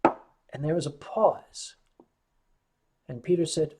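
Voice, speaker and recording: A man's voice: fairly high pitch, slow, a little mellow. An American man hosting a casual livestream, telling rambling stories with frequent stammered restarts. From United States. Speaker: livestream host.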